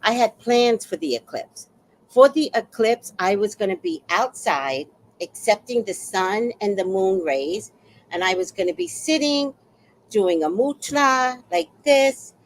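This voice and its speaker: A woman's voice: mid-range voice, a little slow, a little hiss or hum, rough recording. A woman telling a personal story in a casual monologue, acting out the exchanges she describes. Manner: animated, acts out quoted exchanges.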